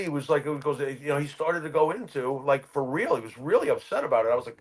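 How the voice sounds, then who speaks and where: A man's voice: mid-range voice, quick pace, few pauses. A man co-hosting a wrestling podcast, telling a personal story in casual chat. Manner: animated anecdote teller. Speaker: podcast co-host.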